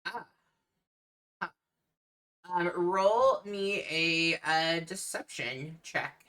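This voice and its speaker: A woman's voice: lowish voice, very slow, a bit bright. A woman running a tabletop game as game master, narrating with many hesitant ums.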